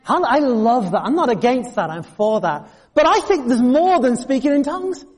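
High-voiced preacher in a reverberant hall. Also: male voice, normal speed, breathy edge. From England. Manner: storytelling with bursts of humor, animated asides. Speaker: pastor. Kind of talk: sermon. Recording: long reverb of a large hall.

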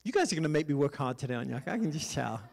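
A man's voice: a little high, big pitch swings, racing, gravelly, a little mellow. A man preaching a sermon in a church, leading the congregation in call-and-response with self-deprecating humor. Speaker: pastor.

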